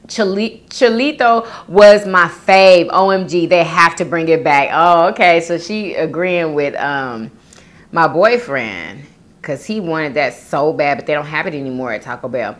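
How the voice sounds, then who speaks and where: A woman's voice: on the low side, fairly bright tone. A woman, chatting casually as a vlogger, reading viewer comments aloud and laughing often.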